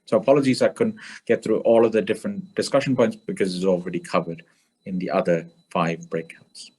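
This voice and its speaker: A man summarizing his breakout group's points in an online meeting, hurried, with fillers and restarts. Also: sits low, steady tone, a little mellow, slightly rough. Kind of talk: meeting report-back. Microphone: video call.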